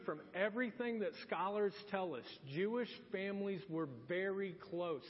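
A man's voice: high voice, in a large hall, dull audio. A man preaching a sermon as a pastor, in a casual, joking storytelling manner.

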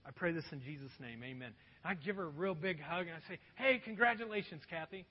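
A man pastor telling a story in a sermon, animated and poking fun at himself. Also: on the high side, fast talker, breathy edge. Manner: animated, self-mocking storytelling. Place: church auditorium. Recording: dull echoey hall recording.

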